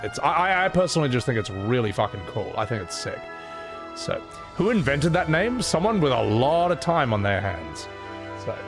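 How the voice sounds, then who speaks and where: Man, streamer, animated pitch swings, rambling, swears a lot, faint game music behind. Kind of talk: casual gameplay commentary.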